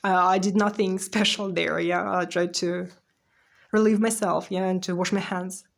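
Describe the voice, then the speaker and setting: A woman's voice: on the low side, fairly even intonation, moderate pace, gravelly. Woman, aggrieved testimony. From Russia. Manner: ends phrases with a questioning "yeah?"; urgent, aggrieved, with short nervous laughs. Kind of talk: emotional personal testimony.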